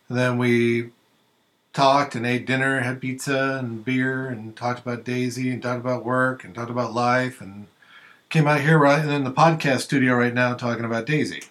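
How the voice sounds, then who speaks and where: Podcast host, adult man, mid-pitched, plain delivery. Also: fairly even intonation, normal speed, fairly bright tone. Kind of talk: casual podcast chat. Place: podcast studio.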